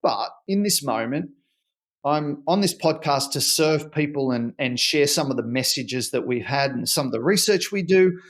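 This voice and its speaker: A middle-aged man, a podcast guest explaining his research in an animated, storytelling way. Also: fairly high pitch, moderate pace. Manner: animated storyteller who acts out dialogue. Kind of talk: conversational podcast interview.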